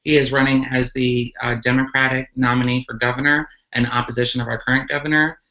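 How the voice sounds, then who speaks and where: Bright-voiced earnest woman on a muffled stream. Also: very deep voice, flat delivery, quick pace. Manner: earnest, many ums and restarts. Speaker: transgender activist guest. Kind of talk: live online Q&A talk. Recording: muffled lo-fi livestream audio.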